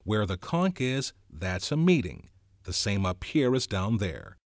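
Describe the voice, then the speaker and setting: A man voicing an earnest schoolboy chief in a novel reading, speaking in a steady, persuasive way. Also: on the low side, measured pace, no room sound, studio quality.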